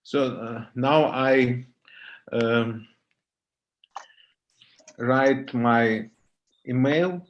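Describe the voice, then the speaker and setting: A man giving a lecture over a video call, speaking halting English full of pauses and fillers. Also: mid-range voice, muffled recording. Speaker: visiting lecturer. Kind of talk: online lecture Q&A.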